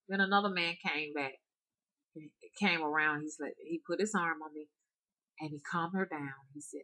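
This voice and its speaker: Woman, rootworker storyteller, soft, hesitant, bright tone, slightly low pitch. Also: normal speed, rough recording. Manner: soft-spoken, hesitant, with restarts. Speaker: spiritual reader and rootworker. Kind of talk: casual storytelling to viewers.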